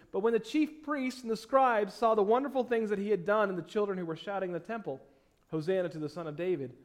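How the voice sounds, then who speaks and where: High-voiced pastor preaching with swings. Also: male voice. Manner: dramatic swings between loud emphasis and quiet asides; reads scripture aloud with slowed, stressed phrases. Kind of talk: sermon.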